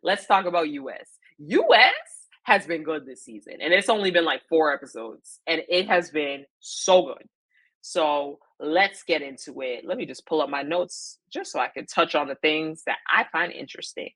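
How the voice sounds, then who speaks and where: Opinionated woman with a lowish voice. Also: lively intonation, normal speed, a bit bright. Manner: opinionated, emphatic, repeats her points; chatty, with frequent fillers and slang. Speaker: vlogger recapping a reality show. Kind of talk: casual chat.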